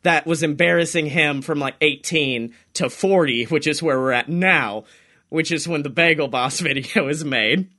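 High, bright-voiced young man riffing. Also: moderate pace. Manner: rambling, swears a lot, acts out voices in quotes. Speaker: podcast co-host. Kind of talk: casual comedic chat.

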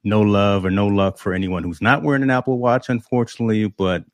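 A man's voice: fairly low pitch, fairly even intonation, fairly quick, dry recording, clean studio sound. A man co-hosting a live tech show over a video call, laid-back and stammering when flustered. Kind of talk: casual live-stream banter.

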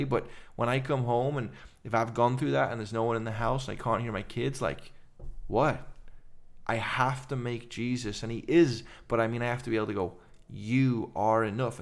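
A middle-aged man with an English accent, a podcast guest telling his story in fast, animated run-on sentences. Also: mid-range voice, creaky. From England. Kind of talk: casual conversation.

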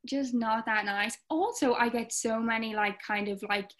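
A woman's voice: a little high, normal speed, fairly bright tone. A young Irish woman guesting on a podcast, chatting casually with lots of fillers and acting out quotes. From Ireland. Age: young adult. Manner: chatty, many fillers, acts out comments in quoted voices. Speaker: guest content creator.

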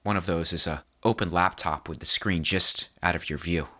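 Deep-voiced man running a tabletop game. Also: steady tone, pushed and bright. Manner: descriptive, measured narration with restarts. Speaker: game master. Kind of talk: narrating a tabletop horror game.

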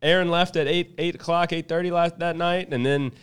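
Animated man with a smooth voice. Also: on the high side, brisk. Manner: animated storytelling, acts out his own lines. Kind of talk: casual chat.

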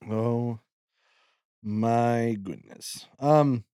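A man's voice: medium pitch, drawn-out words, mellow, clear, resonant tone, no echo, studio quality. A man co-hosting a casual book podcast, laughing often and talking with many fillers and self-deprecating asides. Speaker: podcast co-host. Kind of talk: casual chat about a book.

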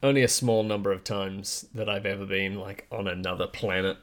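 A man's voice: low voice, flat delivery, a little fast. A man co-hosting a podcast in casual chat, chiming in with dry, teasing remarks. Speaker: podcast co-host.

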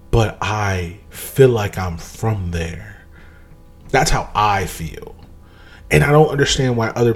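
A man talking in a casual monologue, emphatic and animated, with sudden jumps in pitch when he drives a point home.

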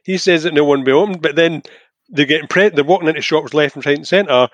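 A man's voice: fairly high pitch, fast talker, no echo, highs cut off. A man co-hosting a podcast, chatting casually with dry, wry asides. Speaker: podcast co-host. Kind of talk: casual chat.

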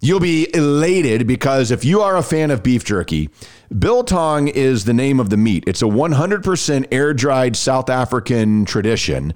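A man's voice: medium pitch, moderate pace. A man co-hosting a sports podcast in casual chat, restarting sentences as he talks, and also reading ads. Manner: animated, repeats words when starting sentences. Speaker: podcast co-host. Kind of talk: casual sports talk and ad reads.

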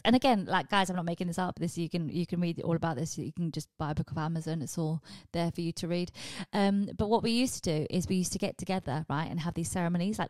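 A woman with a fairly low voice hosts a comedy podcast as a rambling solo monologue, swearing freely as she goes. Her storytelling is animated. The sound is dry and close to the mic. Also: no room sound. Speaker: podcast host.

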